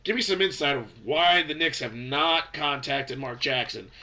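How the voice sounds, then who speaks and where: A man's voice: a little high, normal speed, sharp tone. Congested young man talking basketball. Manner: rambling, restarts, opinionated predictions. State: congested from a cold. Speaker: basketball fan vlogger. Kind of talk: casual sports commentary vlog.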